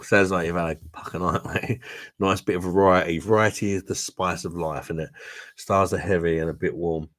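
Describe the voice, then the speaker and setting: A man's voice: low-pitched, steady tone, normal speed, fairly bright tone. A man hosting a casual drinking livestream, tipsy, laughing often and calling people "mate". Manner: swearing, laughing, says "mate" a lot. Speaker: livestream host reading viewer comments. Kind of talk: casual chat.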